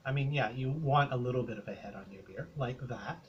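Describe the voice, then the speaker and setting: Older man, Canadian accent, rambling, hesitant, mid-pitched voice, faint background noise. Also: fairly quick, muffled recording. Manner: rambling, hesitant, many fillers. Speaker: beer reviewer vlogger. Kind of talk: casual rambling beer review.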